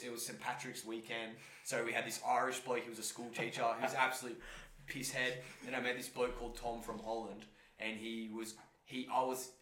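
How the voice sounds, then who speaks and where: Young dude rambling through a sweary travel yarn, bright punchy voice, echoey room a bit off the mic. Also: male voice, medium pitch, far from the mic. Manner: animated storytelling, swearing slang, acts out voices. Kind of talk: casual podcast chat.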